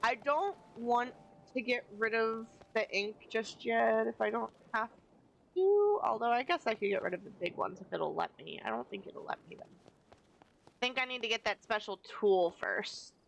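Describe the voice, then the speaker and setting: Chatty woman streamer, slightly high voice. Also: moderate pace, vocal fry, a bit bright, slight background noise, poor audio. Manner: chatty, playful, self-deprecating asides. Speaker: game streamer. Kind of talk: casual live-stream commentary.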